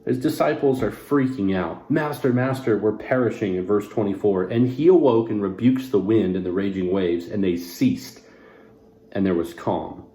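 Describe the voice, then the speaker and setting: A man's voice: fairly low pitch, moderate pace, mellow, reverberant. A man serving as pastor, teaching a short devotional on a Bible passage, earnest and conversational, putting scripture into casual everyday words.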